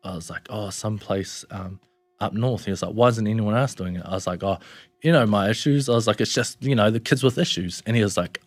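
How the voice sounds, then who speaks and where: Low-voiced New man, blunt storytelling. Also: fairly quick, no echo. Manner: blunt, sweary, slangy, acts out quotes. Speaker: podcast guest. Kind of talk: casual storytelling.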